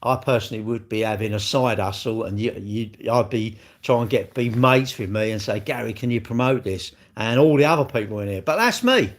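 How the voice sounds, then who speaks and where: Older guy ranting on his livestream, blunt and sweary, argues with chat. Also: medium pitch. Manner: blunt, argumentative, swears freely. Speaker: livestream host.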